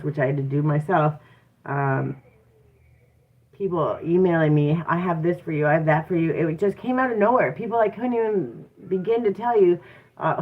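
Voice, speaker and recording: Candid tarot reader on a tinny line. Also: medium pitch. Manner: candid, conversational, often asks "right?". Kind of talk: casual live-stream talk. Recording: tinny phone-like sound.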